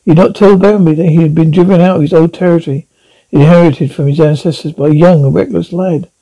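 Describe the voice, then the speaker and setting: A man reading a classic animal novel aloud, halting now and then with slips and restarts. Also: on the high side, fairly even intonation, mellow, rough recording. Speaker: audiobook reader. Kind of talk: storybook narration.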